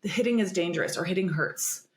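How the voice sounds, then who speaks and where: A woman's voice: fairly low pitch, quick pace, a little hiss or hum. A woman therapist, a podcast guest, explaining in an earnest, emphatic, conversational way. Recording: roomy echo.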